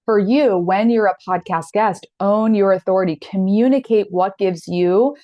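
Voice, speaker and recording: A woman's voice: medium pitch, moderate pace, no echo, highs cut off. A woman in her thirties teaching an online masterclass in an earnest, direct, encouraging way. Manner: earnest, direct, encouraging, with animated quoted asides.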